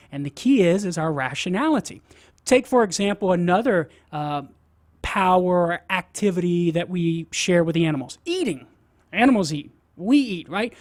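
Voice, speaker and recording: A man's voice: high-pitched, darkish tone, no room sound, clean studio sound. A man with a Cajun accent, a radio guest explaining ideas step by step, often checking in with "right?". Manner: teaching, sprinkles "right?" to check in. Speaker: guest apologist.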